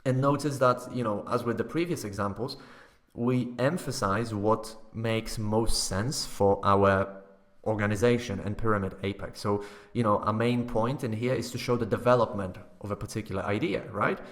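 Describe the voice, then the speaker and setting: A man with a lowish voice, speaking at normal speed, teaches academic writing in a recorded online course lecture. He explains things step by step, often checking in with tag questions and fillers.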